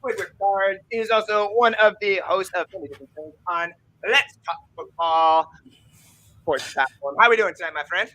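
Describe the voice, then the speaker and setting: Man, podcast host, slightly high voice, rambling, self-deprecating, laughs a lot. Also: moderate pace, bright, forceful tone, rough recording. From Canada. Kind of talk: casual podcast chat.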